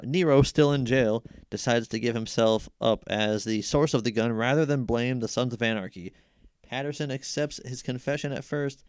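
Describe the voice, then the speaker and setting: A man in casual chat, summarizing a plot in a halting way with fillers. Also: medium pitch, smooth, dry recording, clean studio sound.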